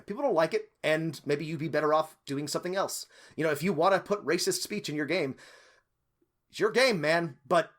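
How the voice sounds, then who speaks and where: A man's voice: a little high, fairly quick, a bit bright. A man co-hosting a casual podcast, giving game master advice in a rambling, thinking-aloud way with lots of fillers.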